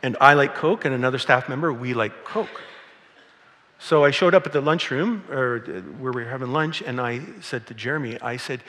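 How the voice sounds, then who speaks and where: A man's voice: mid-range voice, normal speed, bright, forceful tone. A middle-aged man preaching a sermon as pastor, conversational and storytelling, with playful acted quotes. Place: church sanctuary. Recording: long reverb of a large hall.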